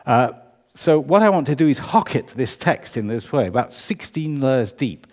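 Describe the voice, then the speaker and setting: A man's voice: medium pitch, very animated, normal speed, darkish tone. UK man, composer's lecture, wry and chatty, hall reverb. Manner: conversational, wry, self-correcting. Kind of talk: public lecture. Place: concert hall.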